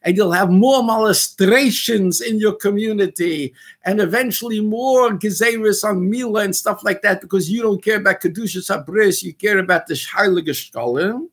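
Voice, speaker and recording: A man's voice: high voice, moderate pace, a bit bright, husky. A man, a rabbi giving blunt, fiery video commentary full of Yiddish and Hebrew terms. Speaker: rabbi and activist host.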